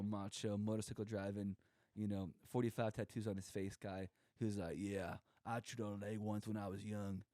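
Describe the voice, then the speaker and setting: Young man, podcast co-host, mellow warm voice, dry close sound, rambling comic storytelling. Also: lowish voice, no room sound. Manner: rambling, joking, acts out quoted voices. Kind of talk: casual comedic monologue.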